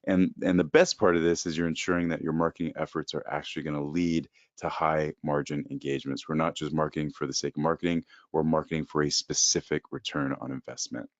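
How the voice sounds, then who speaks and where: A man with a very low voice walks through a slide-based business webinar in a steady, explanatory way, often pausing on "uh". The sound is dull and lo-fi, dry with no room echo. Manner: steady, explanatory, with frequent "uh" fillers. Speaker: presenter for an accounting-firm coaching program.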